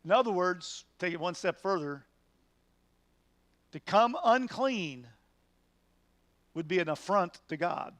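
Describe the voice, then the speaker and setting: High-voiced earnest pastor teaching. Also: male voice, animated, takes it slowly, long pauses, fairly bright tone, dry recording. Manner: earnest, emphatic, rhetorical questions. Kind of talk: midweek Bible study teaching.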